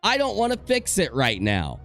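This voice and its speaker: A man's voice: fairly high pitch, huge pitch swings, normal speed, a bit bright, faint music behind. A young man giving a casual commentary rant from home in front of a green screen, joking and rambling with self-mocking asides. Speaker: commentary YouTuber.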